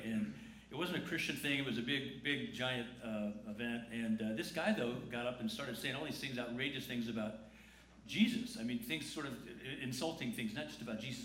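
A man's voice: mid-range voice, a bit bright. A man preaching an Easter sermon in a large church, conversational and joking, drawing the congregation into call-and-response. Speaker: pastor. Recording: echoey church room with faint noise.

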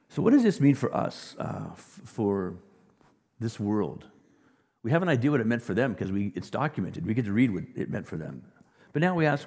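Male pastor, sermon; low husky voice, big swings from hush to loud emphasis, reverberant hall. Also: lively intonation, fast talker. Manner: dynamic preaching, drops to a near whisper and rises to loud emphasis. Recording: long reverb of a large hall.

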